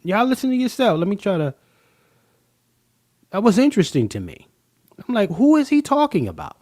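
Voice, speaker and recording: A man hosting a casual livestream, talking emphatically in loose slang with frequent pauses. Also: high voice, huge pitch swings, a little mellow, no room sound, studio quality. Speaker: livestream host.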